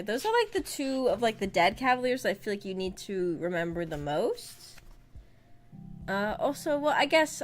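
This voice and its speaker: Woman, streamer, casual book chat, giggly, chatty, faint music behind. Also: mid-range voice.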